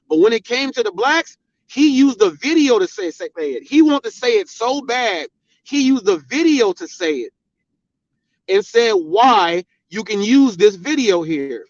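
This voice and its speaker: A man from the hosting his own channel, delivering a heated, confrontational commentary with emphatic repetition. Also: high-pitched. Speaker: channel host. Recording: dull, dry lo-fi sound.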